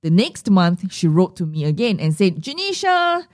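A woman's voice: on the low side, moderate pace, warm tone, no echo, studio quality. A middle-aged woman hosting her money mindset podcast, telling stories animatedly and acting out the voices she quotes. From Singapore. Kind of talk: solo podcast monologue.

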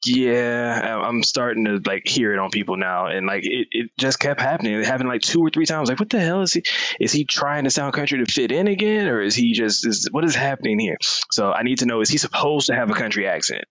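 A man's voice: medium pitch, animated, a little fast, fairly bright tone, no echo, low-quality recording. A man co-hosting a casual chat, rambling and asking questions with casual swearing. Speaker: podcast co-host.

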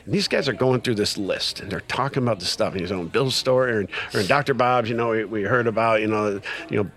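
A man's voice: lowish voice, fast talker. A middle-aged man telling a personal story in casual conversation, acting out quoted dialogue with lots of fillers. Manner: animated retelling with quoted dialogue, many fillers. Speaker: guest sharing recovery story.

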